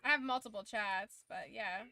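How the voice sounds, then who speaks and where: A woman's voice: medium pitch, normal speed, vocal fry, pushed and bright, no room sound, studio quality. A young woman streamer chatting casually with her viewers during a watch-along, swearing and reacting as she goes.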